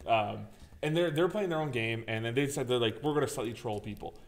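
A man co-hosting a casual gaming podcast tells a story at a fairly quick pace in a medium-pitched voice. He's an animated storyteller, swearing freely and acting out his own reactions.

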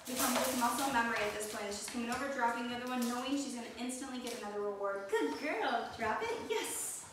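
A woman's voice: a little high, steady tone, very fast. A young woman dog trainer giving upbeat praise cues while explaining a training session. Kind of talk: training demonstration with commentary. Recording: echoey room, mic far off, noisy.

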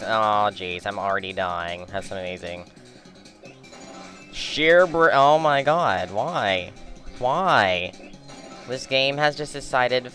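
A man's voice: on the low side, bright, forceful tone. A young man giving rambling, joking gameplay commentary, swearing at the bosses as he plays. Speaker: let's play commentator.

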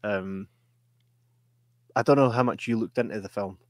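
A man, co-hosting a casual podcast film review, chatty and quick to laugh. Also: on the low side, no room sound. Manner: chatty, laughs often, swears. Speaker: podcast co-host.

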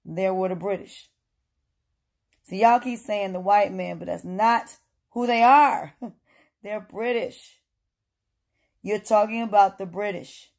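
A woman delivers a casual opinion monologue, hammering her points home through repetition. Her voice is dark and mellow, and her tone is lecturing. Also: mid-range voice.

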